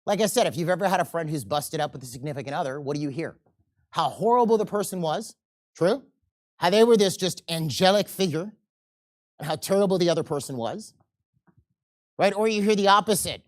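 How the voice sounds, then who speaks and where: A man teaching a seminar, animated and often checking in with the audience, and acting out quoted people in changing voices. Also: fairly high pitch, brisk. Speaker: seminar instructor. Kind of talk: live seminar lecture.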